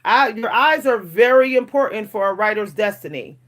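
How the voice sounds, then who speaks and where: A woman's voice: mid-range voice, expressive, normal speed, a bit bright. An older woman chatting casually to camera as a vlogger and writer, laughing often and restarting her sentences.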